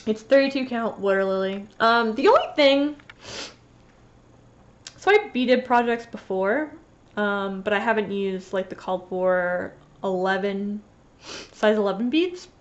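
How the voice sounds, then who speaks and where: A woman's voice: mid-range voice, lively intonation, measured pace, highs cut off. A woman vlogging about her cross-stitch finishes in a casual, rambling show-and-tell chat, with a slight lisp and lots of fillers and restarts. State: sniffly after sneezing.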